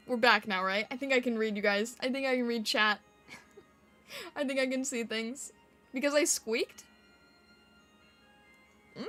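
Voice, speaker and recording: A woman streamer chats with her viewers in a high, bright voice. She giggles a lot and squeaks when she laughs or yells. Faint music plays behind her. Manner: giggly, chatty, reading chat aloud. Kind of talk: casual live-stream chat.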